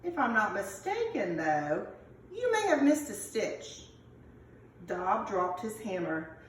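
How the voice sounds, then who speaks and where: A woman's voice: medium pitch, wildly swooping pitch, slow pace, a little hiss or hum. A woman teacher with an American accent, reading a picture book aloud to her class in an upbeat, encouraging way. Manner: upbeat, encouraging, self-correcting. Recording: echoey classroom from far off.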